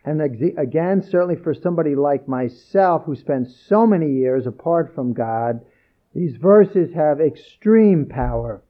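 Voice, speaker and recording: A man's voice: fairly high pitch, lively intonation, a little slow, phone-quality sound. A man preaching a sermon, reading scripture aloud and repeating key phrases with earnest emphasis.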